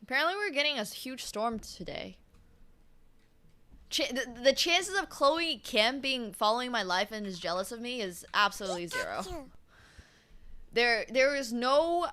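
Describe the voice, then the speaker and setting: A woman's voice: a little high, expressive, normal speed, sharp tone. A woman in her twenties commentating chess on a live stream in a casual, chatty way, humming and laughing between remarks. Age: 20s.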